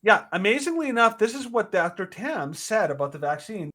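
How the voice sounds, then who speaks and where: A man's voice: high-pitched, sing-song, fairly quick, bright, forceful tone, low-quality recording. A man co-hosting a podcast, ranting emphatically with indignation and lots of fillers. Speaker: podcast co-host. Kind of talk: opinionated podcast rant.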